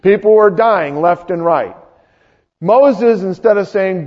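A pastor with a high male voice preaches slowly and conversationally, frequently putting questions to the congregation. The recording is dull and lo-fi, captured in an echoey hall.

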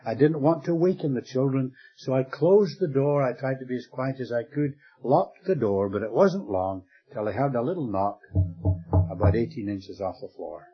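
An older man preaching a sermon with a very husky, breathy voice. He leans on dramatic pauses and sinks to a near-whisper on key words. The recording is dull and lo-fi. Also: medium pitch, faint music behind.

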